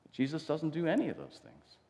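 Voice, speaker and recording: A man's voice: fairly high pitch, huge pitch swings, a little fast, mellow. A man preaching a sermon, telling the story in a conversational way and acting out the quotes. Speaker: pastor. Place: church sanctuary. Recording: long church reverb.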